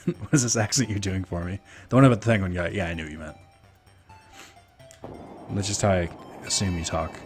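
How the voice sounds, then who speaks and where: Low-voiced, swearing gamer guy. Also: fairly quick, pauses often, faint music behind. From Minnesota. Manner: profane, laughing, chatting with viewers. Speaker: let's play streamer. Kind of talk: casual gameplay commentary.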